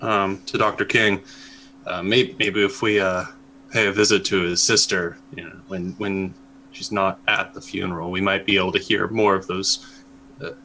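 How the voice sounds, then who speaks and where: A man's voice: sits low, bright, forceful tone, a little hiss or hum, rough recording. A man playing a tabletop role-playing game, talking hesitantly with many fillers. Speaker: player.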